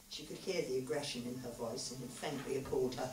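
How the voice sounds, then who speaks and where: A woman author reading her own story aloud at a literature festival, in measured, expressive storytelling. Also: extremely low pitch, noisy background. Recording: roomy live hall, far mic.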